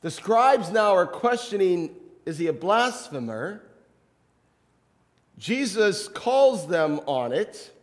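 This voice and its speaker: A man's voice: sits high, very animated, takes it slowly, big-room sound. A man, a pastor, preaching a sermon in a conversational way, with rhetorical questions and light humor.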